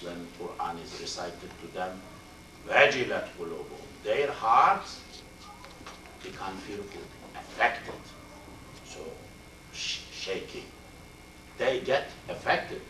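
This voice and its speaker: An older man teaching a Quran and Arabic class, speaking slowly and repeating Arabic word forms as he explains them. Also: sits low, bright, forceful tone, a little hiss or hum. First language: Turkish. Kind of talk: classroom tafsir lecture. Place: mosque classroom. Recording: roomy, distant amateur video recording.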